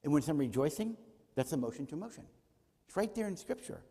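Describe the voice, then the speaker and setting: This church conference speaker talks fast and very animatedly in a warm, fairly high voice, his teaching echoing through a large auditorium. He poses rhetorical questions, answers them himself, and acts out short dialogues.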